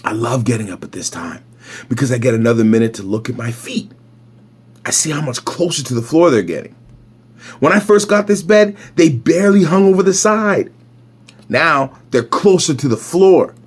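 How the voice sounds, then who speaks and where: Animated man reading a picture book aloud. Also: a little high, moderate pace, slightly rough. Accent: Caribbean. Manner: animated, playful, breaks off to comment on the pictures.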